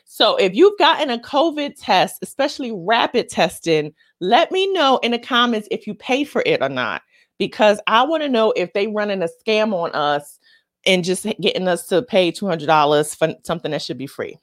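Chatty, excitable woman show host. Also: moderate pace. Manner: animated, chatty, excitable jumps in pitch. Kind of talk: casual comedic monologue.

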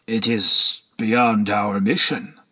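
A man voicing a gentle, cautious male monk who speaks softly and slowly. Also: on the low side, little pitch movement, husky, exaggerated voice. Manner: gentle, measured.

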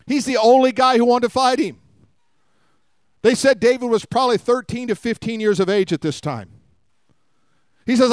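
A man's voice: sits high, expressive, a little fast, dry recording, studio quality. A man preaching a sermon, retelling a story with acted-out quotes and calls for the congregation to respond.

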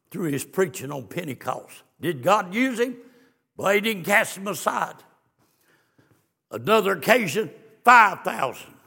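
A man preaching a fiery sermon, swinging from hushed storytelling to shouted exclamations. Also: high-pitched, gravelly, slightly rough. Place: church sanctuary. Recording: long church reverb.

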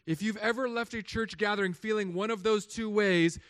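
A man, a pastor, preaching a sermon in a relaxed storytelling way, acting out voices now and then. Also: sits high, normal speed, clear, resonant tone, dry recording, clean studio sound. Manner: conversational storytelling with put-on voices. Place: church hall.

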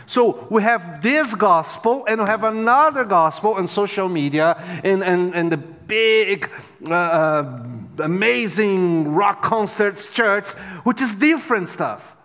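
Slow, high-voiced man preaching in a hall. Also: lively intonation. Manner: dramatic swings between loud exclamations and near-whispers. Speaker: pastor. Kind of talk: sermon. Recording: long hall reverb.

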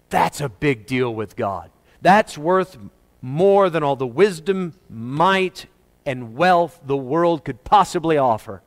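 This animated preacher delivers his sermon with emphasis, alternating booming upward-climbing questions with soft, low-pitched remarks. Scripture passages get a slow, careful reading.

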